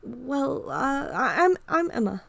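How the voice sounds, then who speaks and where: Woman doing a shy, gentle demon girl. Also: high voice, big pitch swings, slow pace, creaky, no echo, pitched above the performer's own voice, exaggerated voice. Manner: hesitant, gentle.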